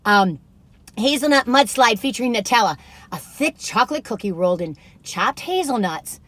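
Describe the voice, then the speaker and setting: A woman's voice: on the high side, lively intonation, normal speed, a bit bright, no echo. An older woman chatting casually in a gushing, giggly way from inside her car. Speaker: vlogger tasting cookies. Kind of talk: casual chat.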